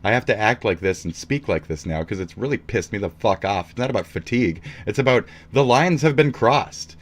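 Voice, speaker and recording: Deep-voiced man ranting profanely. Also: expressive, brisk. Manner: profane, rambling, heated. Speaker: streamer. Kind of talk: ranting live stream commentary.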